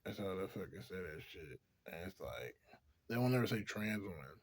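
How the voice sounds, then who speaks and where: This man's voice sits low and sing-song, moving at a moderate pace as he vlogs to camera. It's a rambling, casual monologue full of swearing and "like," broken up by frequent laughter.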